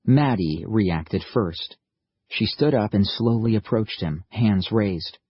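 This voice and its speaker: A male audiobook narrator reads in a steady, even manner at a slow pace. His voice is low and a little husky. The recording is dry and slightly muffled. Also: dry recording. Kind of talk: scripted narration.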